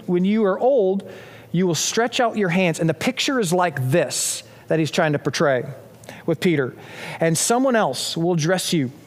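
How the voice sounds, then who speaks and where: A man preaching a sermon as pastor, retelling a story with animated storytelling and acted-out quoted lines. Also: a little high, long reverb tail.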